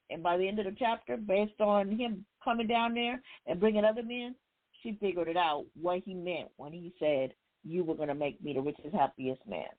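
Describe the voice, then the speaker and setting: A woman hosting a book discussion, casually retelling a story in with loose, conversational phrasing. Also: mid-range voice. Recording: tinny phone line.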